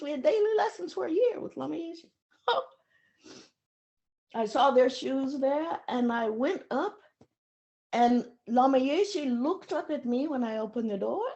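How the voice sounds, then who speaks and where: A woman in her seventies recounting memories of her teacher in an emotional, pausing storytelling manner. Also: a little high, gravelly, dark tone. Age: 70s. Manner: emotional, pausing, acts out voices in her stories. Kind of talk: reflective storytelling talk.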